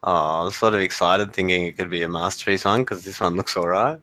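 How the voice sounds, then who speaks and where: A man's voice: low-pitched, brisk, bright, forceful tone, dry recording. A man co-hosting a casual chat, rambling with lots of filler words. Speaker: co-host.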